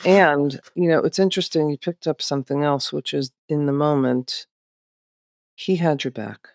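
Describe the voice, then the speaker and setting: A woman co-hosting a podcast, explaining things in a calm, reflective, therapeutic way. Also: sits low, normal speed, no echo, clean studio sound. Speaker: podcast co-host.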